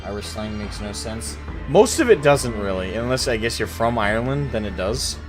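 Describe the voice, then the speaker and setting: A man in casual gaming banter, excitable and quick to swear. His pitch bounces around lively as he jokes. Clear game music plays behind him. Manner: excitable, profane, joking banter. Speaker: gaming streamer. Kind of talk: casual gaming chat with friends.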